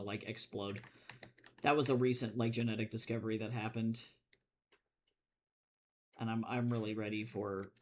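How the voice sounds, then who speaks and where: A man's voice: mid-range voice, slight background noise. A man from the United States ranting casually and profanely while drawing comics on a livestream, full of filler words, at a desk at home. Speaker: comic artist streaming.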